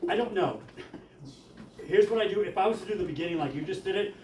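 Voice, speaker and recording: A man runs a choir rehearsal, explaining articulation and singing phrases to show the choir what he wants. His voice sits fairly high for a man. It comes from a distance in an echoey room with music in the background. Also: animated, darkish tone, a little hiss or hum. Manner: explains briskly, then sings lines to demonstrate. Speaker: choir director.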